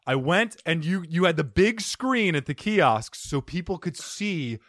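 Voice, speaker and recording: A man with a slightly raised voice hosts a relaxed podcast chat. He tells stories with energy and jumps into voices as he acts them out. The sound is close and dry. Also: on the high side, unhurried, no room sound. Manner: animated storyteller who acts out voices. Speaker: podcast host. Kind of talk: casual chat.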